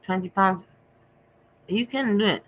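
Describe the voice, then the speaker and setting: A woman's voice: mid-range voice, a little slow, a little hiss or hum, low-quality recording. A middle-aged woman hosting a vlog, talking candidly in a rambling, repetitive way. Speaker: vlog host. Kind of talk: candid casual chat.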